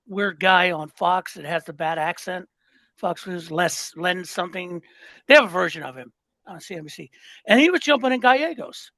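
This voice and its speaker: An older man co-hosts a political podcast, ranting with passion and heavy profanity in a heated chat. His voice is high-pitched and sharp, and the low-quality recording has no room sound.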